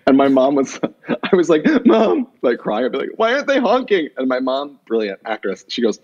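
A man telling a long personal story as a podcast guest, lively and quick to jump into other people's voices. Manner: animated, jumps pitch when quoting people. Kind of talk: conversational storytelling. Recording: muffled low-fidelity remote audio.

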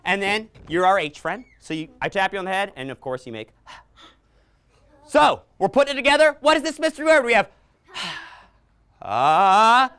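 A woman in her thirties teaching young children letter sounds in a library, playful and animated, making silly sounds and growls for them to copy. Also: medium pitch, normal speed, pauses often, clean tone. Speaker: children's entertainer. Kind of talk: interactive children's phonics lesson. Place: public library room with children. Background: faint ukulele.

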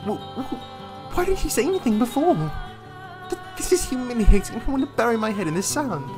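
A giddy, easily embarrassed young noblewoman, as a man reads her lines aloud from a visual novel. She talks in a high, breathless rush and keeps tripping over her own words when flustered. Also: big pitch swings, fairly quick, over music.

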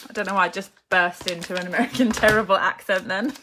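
A woman's voice: medium pitch, fairly even intonation, normal speed. A woman chatting through a live-streamed craft tutorial. She thinks aloud with many ums and greets viewers by name as she works. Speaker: papercraft demonstrator. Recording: clear background noise.

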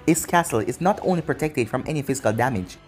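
A man's voice: medium pitch, animated, fast talker, a little mellow, soft background music, lightly acted. Nevan, a sly teasing demoness, read by a man. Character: seductive scheming demoness witch, sly and teasing.

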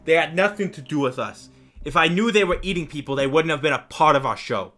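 A man's voice: fairly high pitch, animated, fast talker, sharp tone, faint music behind. A man voicing a defensive circus matron. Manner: defensive, insistent. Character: defensive circus owner woman.

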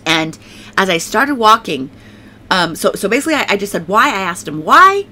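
Bright-voiced woman giving emotional testimony. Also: medium pitch, expressive, brisk, slight background noise. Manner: emotional, repeats words, many restarts. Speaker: Christian testifier. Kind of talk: personal testimony talk.

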